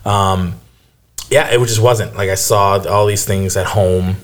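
A man's voice: sits low, steady tone, a little slow. A man co-hosting a casual movie podcast, rambling with fillers and casual swearing. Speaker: podcast co-host. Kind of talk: casual chat.

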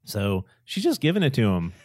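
A man's voice: mid-range voice, huge pitch swings, fairly quick, a little mellow, no echo, clean studio sound. A man co-hosting a casual chat, rambling with enthusiasm and acting out film quotes. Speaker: podcast co-host.

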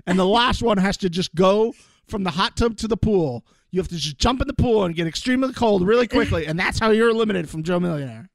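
A man co-hosting a reality TV recap podcast, chatting playfully with animated storytelling. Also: sits high, fast, creaky, no echo. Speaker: podcast co-host. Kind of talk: casual chat.

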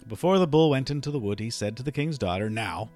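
A male storyteller reading a folk fairy tale aloud in an expressive, measured way. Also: mid-range voice, soft background music.

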